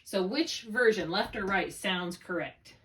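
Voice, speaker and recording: A woman's voice: medium pitch, lively intonation, a little slow, fairly bright tone, recorded from a distance, a little hiss or hum. A woman tutoring a student one on one, explaining spelling rules patiently step by step and checking often that it makes sense. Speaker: reading tutor.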